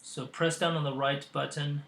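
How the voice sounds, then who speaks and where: A man with a slightly high, gravelly voice walks through a software tutorial, stopping often for ums and uhs. He sounds like he is in an echoey room. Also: little pitch movement, moderate pace. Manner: hesitant, with frequent ums and uhs. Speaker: tutorial host. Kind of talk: screen-recorded software tutorial.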